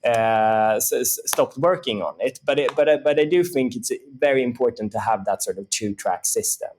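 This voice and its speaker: A man's voice: mid-range voice, moderate pace, a little mellow, slight background noise. Rambling man with many restarts. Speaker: startup co-founder guest. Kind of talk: casual interview talk.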